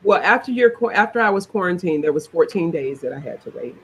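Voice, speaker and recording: A woman's voice: on the low side, animated, quick pace, a little hiss or hum, low-quality recording. A middle-aged woman, telling her own story in a chatty interview and laughing as she goes. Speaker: interview guest.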